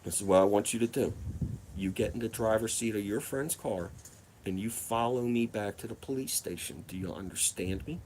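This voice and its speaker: A man acting out a stern, brusque male police officer who scolds in clipped, quick lines. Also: on the low side, darkish tone, a little hiss or hum, lightly acted. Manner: curt and scolding.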